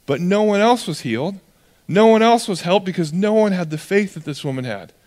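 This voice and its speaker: A young man preaching a sermon as pastor, in a conversational, animated way that acts out characters. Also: high-pitched, brisk. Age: young adult. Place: church hall. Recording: long reverb of a church hall.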